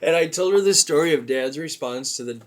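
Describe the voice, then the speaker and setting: A man's voice: on the high side, a little fast. A man hosting a casual comedy show, telling stories in a rambling way with restarts and frequent laughter. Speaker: comedy podcast host.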